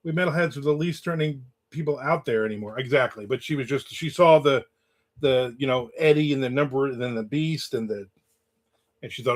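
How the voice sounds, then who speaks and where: A man with a fairly high voice speaks at a normal pace while hosting a casual livestream in the American South. He tells a story and reads viewer comments from the chat aloud.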